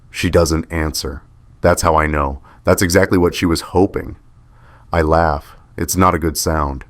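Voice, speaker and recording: A man's voice: a bass voice, steady tone, measured pace, dry recording. A man giving scripted first-person drama narration in a heavy, wounded, bitter manner.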